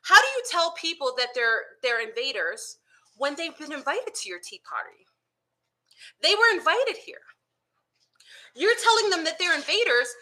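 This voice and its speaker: A woman's voice: sits high, sharp tone. A woman talking straight to her viewers from home in an unscripted monologue, firing off rhetorical questions and calling them y'all. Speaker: online commentator. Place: home with dogs nearby.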